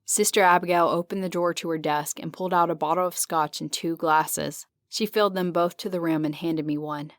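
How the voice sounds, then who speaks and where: A woman narrating a horror audiobook in the first person, measured and descriptive. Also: lowish voice, fairly even intonation, dry recording, clean studio sound. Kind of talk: scripted narration.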